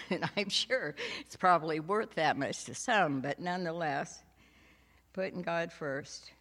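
Speaking unhurriedly at church, a woman with a fairly bright voice on the low side tells her personal faith testimony in a homey, storytelling manner. She laughs occasionally and adds asides, and long hall reverb colors the recording.

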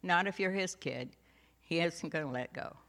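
A woman's voice: fairly low pitch, normal speed, fairly bright tone. A woman sharing a personal faith testimony at church in a homey storytelling way, laughing now and then and adding asides. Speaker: church speaker giving a testimony. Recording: long hall reverb.

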